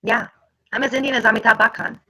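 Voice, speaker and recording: A woman's voice: fairly high pitch, steady tone, quick pace, sharp tone, low-quality recording. A woman joining a casual livestream as a guest, bantering in a teasing, sarcastic way.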